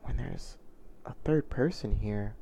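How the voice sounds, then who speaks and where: A man's voice: mid-range voice, slow, gravelly, warm tone, slight background noise. A man telling a personal story in a confessional vlog, earnest and reflective, often restarting his sentences. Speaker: vlogger.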